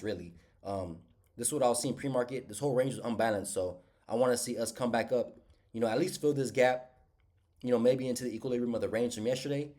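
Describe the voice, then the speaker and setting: A man talks quickly and loosely, calling his viewers y'all and using plenty of slang. His voice sounds stuffed up and congested. He sits at a middle pitch, neither high nor low. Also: dark tone. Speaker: day trader recapping trades. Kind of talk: casual screen-share trade recap.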